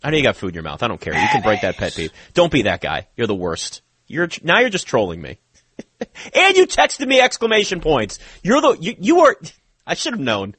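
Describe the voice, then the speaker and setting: A man's voice: mid-range voice, huge pitch swings, a little fast, fairly bright tone, slightly rough, no room sound. A man hosting a live sports talk show, opinionated and rambling, often restarting his sentences.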